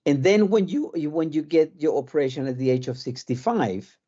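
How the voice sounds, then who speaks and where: A man's voice: fairly high pitch, fairly quick, warm tone, muffled recording. A male surgeon with a South American and British accent, explaining things in a live Q&A while often repeating words as he searches for them. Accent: South American mixed with British. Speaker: cardiac surgeon guest. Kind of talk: live Q&A interview.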